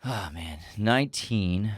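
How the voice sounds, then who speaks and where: A man's voice: lowish voice, lively intonation, takes it slowly, husky, no echo, studio quality. A man co-hosting a podcast, a playful quizmaster who laughs often in casual chat. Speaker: podcast co-host.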